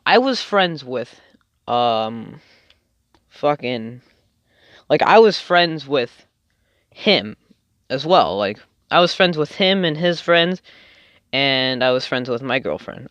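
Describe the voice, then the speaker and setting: A man's voice: a little high, a bit bright, dry recording. Rambling young man telling a story. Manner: rambling, filler-heavy, swears often. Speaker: storytime vlogger. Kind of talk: casual storytelling. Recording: dull lo-fi dry sound.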